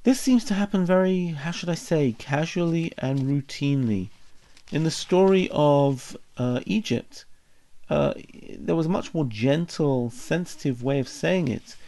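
A man's voice: on the high side, lively intonation, measured pace, warm tone. A male Bible teacher giving a study lesson, thinking aloud and posing many questions. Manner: reflective, asks many questions.

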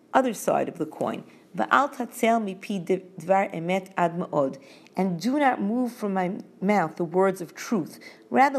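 A woman teaches scripture verse by verse, slightly low in pitch with a gravelly edge of vocal fry. She reads each line in Hebrew, then explains it in a measured, steady way. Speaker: Torah teacher.

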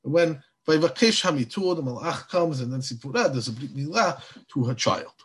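A man giving a Torah class in a lively, animated way. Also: on the high side, normal speed, slightly rough. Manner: animated, acts out biblical dialogue. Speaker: Torah teacher.

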